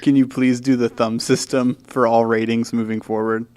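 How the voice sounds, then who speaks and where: A young man hosting a podcast, chatting casually about movies in an animated way and laughing often. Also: mid-range voice, normal speed, smooth. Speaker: podcast host.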